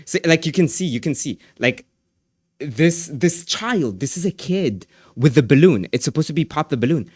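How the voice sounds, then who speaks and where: Excitable male streamer, dry close sound. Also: on the high side, normal speed, breathy edge, dry recording. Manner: excitable, repeats phrases, laughs often. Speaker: livestreamer. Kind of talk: casual chat with viewers.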